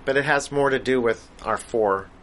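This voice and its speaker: A man talking as a guest on a casual show, relaxed and explanatory. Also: mid-range voice, normal speed. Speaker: guest writer and producer. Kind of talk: casual interview talk.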